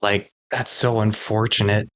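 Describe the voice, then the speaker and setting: A man's voice: on the low side, level tone, a little slow, fairly bright tone. A man co-hosting a podcast, chatting casually and rambling with lots of filler words. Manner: rambling, many fillers like "like" and "you know". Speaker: podcast co-host. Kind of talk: casual chat.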